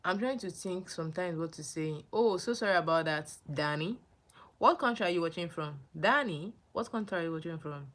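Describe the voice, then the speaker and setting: Young woman from nigeria, livestream host, chatty, repeats names, lowish voice. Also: a little fast. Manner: animated, repeats names and phrases, greets viewers. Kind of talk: casual livestream chat reading viewer comments.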